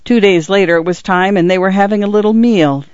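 A man narrates literary fiction in a measured, expressive audiobook read. His voice sits a little high. The recording is dry and slightly dull, with no room sound. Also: clean tone, dry recording.

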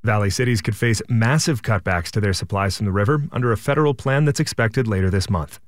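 A man reporting for a radio news station, reading a scripted news story in an even, measured way. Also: on the low side, no echo, studio quality.

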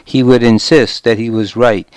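A man reading a historical novel aloud, narrating in a measured way and voicing each character lightly. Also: mid-range voice, steady tone, darkish tone, dry recording. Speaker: audiobook narrator. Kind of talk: scripted narration with character dialogue.

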